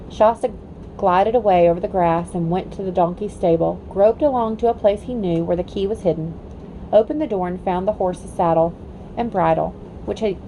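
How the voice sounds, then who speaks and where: A woman reading a novel aloud to her children in a gentle, steady storytelling voice. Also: mid-range voice, a little hiss or hum, low-quality recording.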